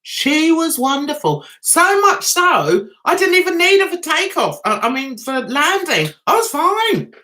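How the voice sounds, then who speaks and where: A middle-aged English woman telling a chatty, animated story on her livestream, laughing at herself. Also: high-pitched, a little slow, hardly any pauses. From England. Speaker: YouTuber.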